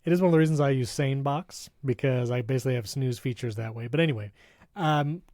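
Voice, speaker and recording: A man co-hosting a tech podcast in casual chat, upbeat and chatty, quick to laugh. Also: medium pitch, darkish tone, dry recording, studio quality. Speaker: podcast co-host.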